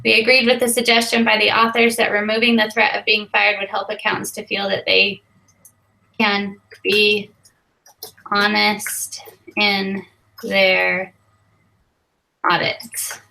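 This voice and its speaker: Bright-voiced woman drafting with her group. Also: medium pitch, little pitch movement, slow, creaky, long pauses, low-quality recording. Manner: unsure, asking others for input. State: mentally tired. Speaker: study group member writing the summary. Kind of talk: casual group discussion.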